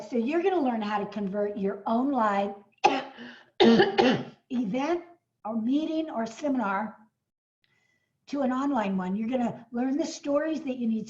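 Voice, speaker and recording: A woman hosting a live webinar on a video call, pitching an event with excited bursts and fillers, her voice a little hoarse from coughing. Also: measured pace, muffled recording.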